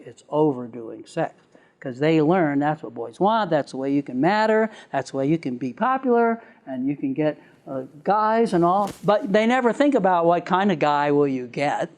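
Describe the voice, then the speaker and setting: A man giving a live lecture to a class, chatty and quick to laugh, acting out little examples as he goes. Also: on the high side, darkish tone.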